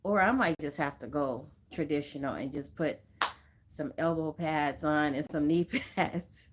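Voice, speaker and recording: Slow-talking woman chatting on a livestream. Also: deep voice, background noise. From Southern California. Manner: chatty, greets viewers by name, laughs often. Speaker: livestream host. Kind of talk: casual livestream chat.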